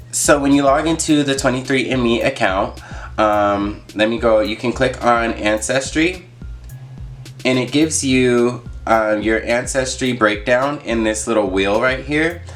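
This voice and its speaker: Young man, casual vlogger, low-pitched, chatty, lots of fillers, soft music behind. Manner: chatty, with many fillers and asides. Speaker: YouTuber. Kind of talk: casual vlog talk.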